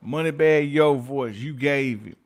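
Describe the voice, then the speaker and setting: In a mid-range voice and at a slightly slow pace, a man hosts his YouTube livestream. He calls out viewers from the chat by name, leans on his catchphrases, and laughs softly a lot.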